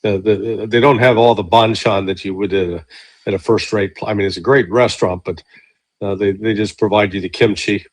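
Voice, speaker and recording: A man with a low voice, talking in a relaxed, easygoing way as a podcast guest. He often restarts his sentences, and the recording is dry and close, with no room sound. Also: dry recording. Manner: relaxed, agreeable, halting restarts. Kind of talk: casual conversation.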